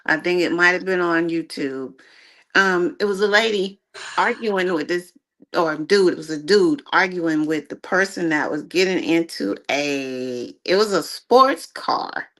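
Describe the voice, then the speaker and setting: Emphatic low-voiced woman. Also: a little slow, a bit bright. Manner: emphatic, opinionated. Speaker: podcast co-host. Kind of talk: casual chat.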